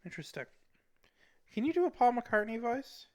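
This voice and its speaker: A man's voice: very high-pitched, very animated, moderate pace. A man hosting a casual virtual-reality talk show, asking rambling, teasing questions.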